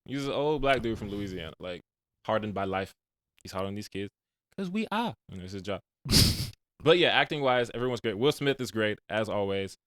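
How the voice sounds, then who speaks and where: A young man with a lowish voice tells film scenes at a quick clip, full of slangy asides. He sounds casual and animated on a dry, close podcast mic. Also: clear, resonant tone, no room sound. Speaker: podcast host reviewing movies. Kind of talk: casual chat.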